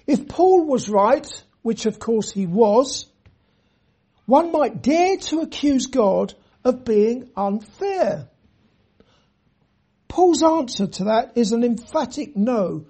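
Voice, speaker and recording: A preacher giving an earnest sermon, reading scripture in a measured way and speaking straight to the listeners. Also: mid-range voice, sing-song, mellow, breathy edge. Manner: addresses listeners directly.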